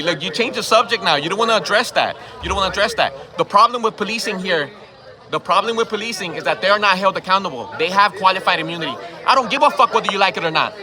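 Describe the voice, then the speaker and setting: A man confronting people in a heated outdoor argument, firing repeated questions and swearing, filmed on his own phone camera. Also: high voice. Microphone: phone camera held by the speaker.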